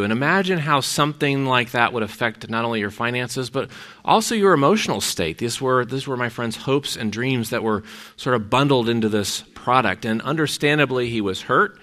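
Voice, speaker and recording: A man's voice: on the low side, pushed and bright. A middle-aged man, a pastor, giving a conversational sermon, telling stories from his week. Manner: conversational, storytelling.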